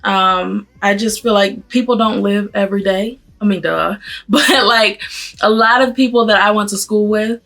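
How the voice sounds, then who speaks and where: A beauty vlogger in her thirties chats casually while doing her makeup at home for a get-ready-with-me video. Originally from Pennsylvania and raised in Atlanta, she has a blended Northern and Southern US accent. Her medium-pitched, fairly bright voice stays fairly even as she talks fast and trips over her words.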